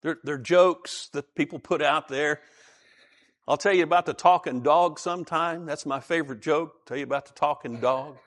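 A man's voice: a little high, moderate pace, fairly bright tone. A man preaching a sermon in a conversational way, asking his listeners questions and telling jokes. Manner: conversational, asks the audience questions, tells jokes.

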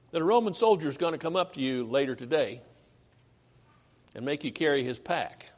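A man preaching a sermon in a church, his voice pitched high and swooping up and down as he fires rhetorical questions at the congregation. He slips into whiny characters to make his point, and the long hall reverb rings after every phrase. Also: normal speed, husky. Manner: animated, rhetorical questions, acts out whiny complainers.

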